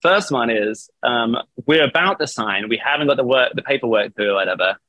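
Bright rambling man on a call. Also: mid-range voice, expressive, fairly quick, no room sound. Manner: rambling storyteller, laughs often, swears. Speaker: band vocalist, guest. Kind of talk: casual interview over video call. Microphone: video call.

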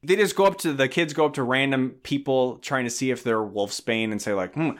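A man talking through a film recap with a sarcastic, joking edge. He swears casually and keeps breaking into brief impressions of the characters. His voice sits at an ordinary middle pitch. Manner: sarcastic, acts out characters' lines in quick put-on voices; swears casually, laughs at own jokes. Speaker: podcast co-host. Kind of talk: casual movie recap chat.

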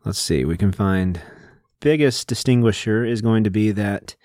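Talking through a casual literary discussion, a podcast co-host lectures at length in a relaxed way, using plenty of fillers. His voice is low and a little mellow at normal speed, recorded at studio quality with no room sound.

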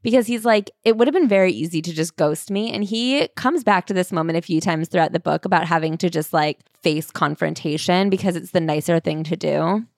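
A woman co-hosting a podcast, casually retelling a book with a relaxed, chatty manner and lots of "like". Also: lowish voice, fairly quick, hardly any pauses, dry recording, studio quality. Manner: relaxed storyteller, peppered with "like". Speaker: podcast co-host. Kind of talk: casual book-summary chat.

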